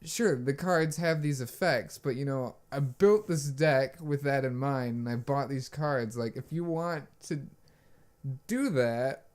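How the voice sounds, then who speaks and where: This podcast co-host is a young man with a medium-pitched, unhurried voice, chatting casually. His story wanders, stuffed with fillers and swear words, and he acts out quotes with lots of energy.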